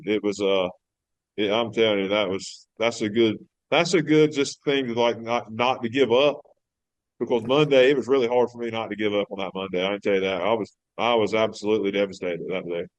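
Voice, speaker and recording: Smooth-voiced man telling stories. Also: on the low side, fairly quick, no room sound, rough recording. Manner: rambling, emphatic, frequent fillers and restarts. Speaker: fishing boat captain, guest. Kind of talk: casual storytelling interview. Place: podcast studio.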